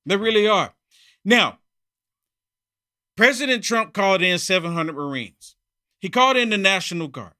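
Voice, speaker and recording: A man's voice: high-pitched, animated, normal speed, pauses often, sharp tone. A man hosting a heated political opinion monologue, repeating himself and mocking opponents. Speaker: political commentary host.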